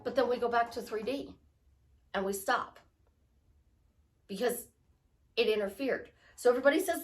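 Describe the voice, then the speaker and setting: Talking about prayer in a relaxed way to camera, this woman life coach rambles and performs little exchanges for her audience. Her voice is on the high side, moving at a normal speed but pausing often.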